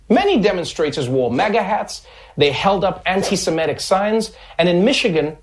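A man hosting a comedy show, delivering a sarcastic satirical news monologue. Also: high-pitched.

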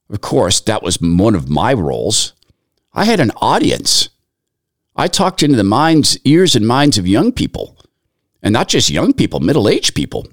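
A man delivers sermon-like commentary, earnest and steady as he strings scripture into long lists. His voice sits low yet swings with lively intonation. The sound is dry and close. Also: no echo. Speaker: Christian commentator.

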